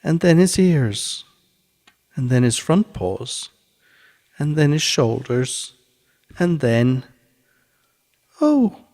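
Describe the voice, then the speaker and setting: Gravelly man reading a bedtime story. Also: medium pitch, slow pace, pauses often, a little mellow.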